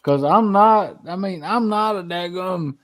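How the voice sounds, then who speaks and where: A man hosts a casual talk show, chatting and rambling with many restarts and folksy swearing. His voice sits high and his pace is measured.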